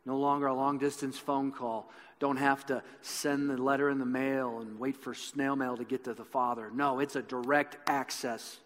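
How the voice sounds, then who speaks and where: A man's voice: medium pitch, flat delivery, moderate pace, fairly bright tone. A man preaching a sermon in an earnest storytelling manner. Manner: earnest storytelling, building intensity. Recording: echoey hall with long reverb.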